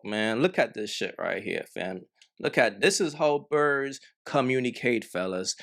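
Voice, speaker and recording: A man hosts a reaction video and talks to his viewers in a slow, drawn-out way. His pitch leaps high and drops low as he makes his points. His delivery is emphatic and full of slang. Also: animated, a bit bright. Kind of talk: casual reaction commentary.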